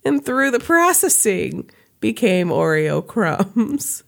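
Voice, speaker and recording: A woman co-hosting a podcast in casual chat, reacting with quick comments and frequent giggles. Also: medium pitch, big pitch swings, vocal fry. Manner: giggly, reactive, slow-spoken. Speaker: podcast co-host.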